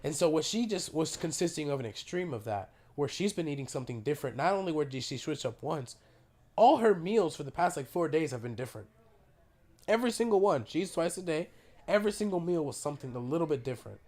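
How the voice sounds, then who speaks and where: Animated man telling a story, sore throat. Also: a little high, fast talker. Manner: animated storyteller, swears freely, laughs through the telling. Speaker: podcast host. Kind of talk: casual chat.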